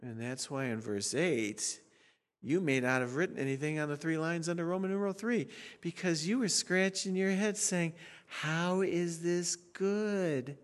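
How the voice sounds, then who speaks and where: A man in his sixties preaching a sermon as a pastor in an animated, sarcastic, conversational way. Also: a little high, normal speed. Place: church sanctuary. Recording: reverberant church sanctuary.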